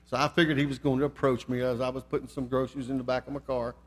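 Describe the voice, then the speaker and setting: A man's voice: medium pitch, level tone, racing. An older man preaching a sermon, telling a folksy story and reading scripture with rising fervor. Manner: storytelling, rising to fervent emphasis.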